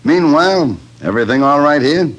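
An actor playing a confident, fast-talking big-shot gambler in a 1940s radio drama. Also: male voice, fairly high pitch, expressive, lightly acted. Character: the Brain, a smooth big-shot gambler, man. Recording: old radio recording with faint hiss.

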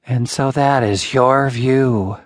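Man reading storybook wife, polite, gently questioning, courteous. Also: medium pitch, slow, no echo, lightly acted. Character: polite young wife, mildly probing.

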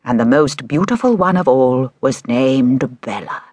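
A woman's voice: extremely low pitch, animated, measured pace, darkish tone, no room sound, heavily acted. Woman putting on an old blind shopkeeper. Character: old blind male shopkeeper, gruff and mysterious.

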